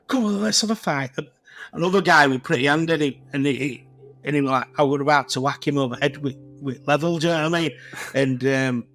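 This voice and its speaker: A man's voice: fairly high pitch, fairly even intonation, fast talker, fairly bright tone, faint music behind. Yorkshire man spinning blunt, sweary stories. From Leeds, England. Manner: rambling anecdotal storytelling, blunt and sweary. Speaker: guest tiler. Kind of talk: casual podcast chat.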